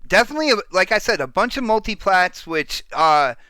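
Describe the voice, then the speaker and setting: A man hosts a loose panel chat with a bright, clean tone that sits a bit high for a man. He sounds excitable and teasing, leaning on dude and man. The sound is dry and close. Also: moderate pace, dry recording. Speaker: podcast host.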